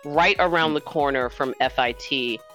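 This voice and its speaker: A podcast host in casual chat, excitable, with quick asides. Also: mid-range voice, faint music behind.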